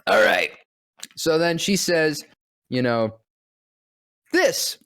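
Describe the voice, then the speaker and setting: A man's voice: fairly high pitch, sing-song, takes it slowly, a bit bright, dry recording, clean studio sound. Profane rambling voice actor man. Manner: rambling, profane, acts out quoted lines. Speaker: voice actor guest. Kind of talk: casual storytelling.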